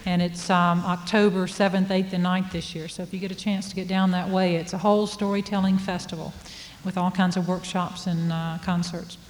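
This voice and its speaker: A woman's voice: fairly low pitch, little pitch movement, moderate pace, a little hiss or hum. A woman hosting, chatting casually and a little hesitantly between stories. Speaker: host. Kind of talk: casual announcing. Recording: long hall reverb, faint ambience.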